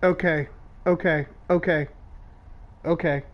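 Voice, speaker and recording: A man with a fairly high voice drawls through a horror game, slow and anxious, cursing as he goes. The sound is dull and lo-fi. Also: steady tone. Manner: swears a lot, drawn-out and anxious. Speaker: co-host playing a horror game. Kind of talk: casual gaming chat.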